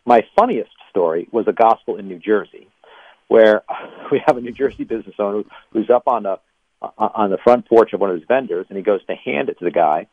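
A man, a former pastor, being interviewed on the radio and telling animated stories, laughing between lines. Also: on the low side, brisk, no echo. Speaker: ministry guest, former pastor. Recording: dry tinny phone line.

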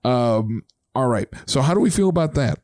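A man hosting a casual podcast chat, relaxed and full of ums, now and then singing chant lines. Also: mid-range voice, normal speed, dry recording, clean studio sound. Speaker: podcast host.

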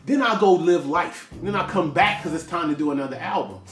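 A man's voice: fairly high pitch, lively intonation, fairly quick, a bit bright. A man in his forties, a musician, talking frankly in a rambling, stop-start casual monologue. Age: 40s. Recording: echoey room, voice from far off, music behind.

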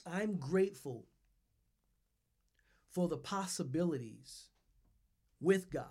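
A man's voice: high voice, expressive, a little slow, pauses often, darkish tone. A man preaching a sermon and leading his listeners through repeated phrases with strong emphasis on each word. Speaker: pastor.

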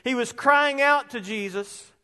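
A man, preaching an animated sermon that rises into shouts. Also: very high voice, a little slow, clean tone. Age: 50s. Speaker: pastor. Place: church sanctuary. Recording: long reverb of a large hall.

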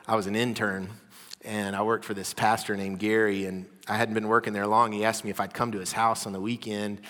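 A man preaching a sermon, telling personal stories with animated energy that drops to a hushed voice. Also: on the low side, big-room sound. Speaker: pastor. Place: church hall.

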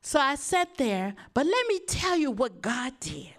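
A woman pastor telling a personal story to her congregation in sermon style. She is animated, laughs often and acts out the voices of the people in the story. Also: sits high, unhurried. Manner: addresses the congregation directly.

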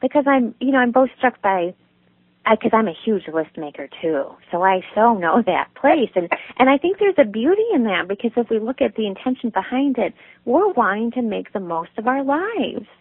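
A woman guest in a conversational interview, with a gentle, nurturing tone, telling stories and laughing easily. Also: fairly high pitch, sing-song, moderate pace, slightly rough, no echo. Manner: warm storytelling, laughs easily. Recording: phone-like line, dry.

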